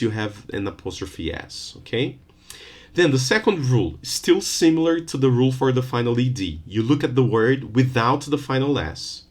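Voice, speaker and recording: A man giving a recorded university lecture on phonetics, explaining patiently and often checking in with "okay?". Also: mid-range voice. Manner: slows down to stress rules and example words.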